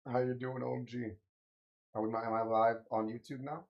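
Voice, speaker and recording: A young man chatting casually on a live stream, slangy and swearing, venting about lag and reacting with drawn-out "wow"s. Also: mid-range voice, steady tone, lo-fi sound. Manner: loose, slangy, swears often, exclaims "wow" a lot; frustrated, ranting about lag.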